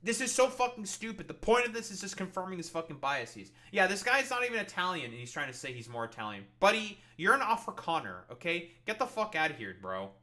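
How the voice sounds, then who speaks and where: Bright-voiced man ranting profanely. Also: high voice, sing-song, quick pace, few pauses. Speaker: podcast host reacting to videos. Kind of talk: casual reaction commentary.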